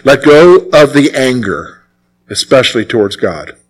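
A man's voice: mid-range voice, big pitch swings, a little slow, rough recording. A man preaching a sermon as pastor, emphatic and repeating his key phrases.

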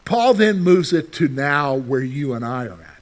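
A male pastor preaching a sermon in a lively way, often putting rhetorical questions to the congregation. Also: on the high side, unhurried.

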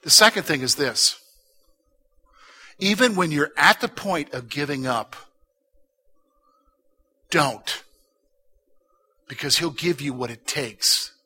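A man pastor preaching a sermon, swinging between loud urging and hushed, intimate talk and repeating short exhortations. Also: on the high side, breathy edge.

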